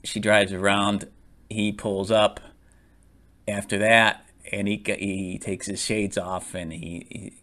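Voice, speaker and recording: A man's voice: fairly low pitch, level tone, slow pace, pushed and bright. A man casually reviewing a movie, rambling with lots of fillers, restarts and frequent laughs.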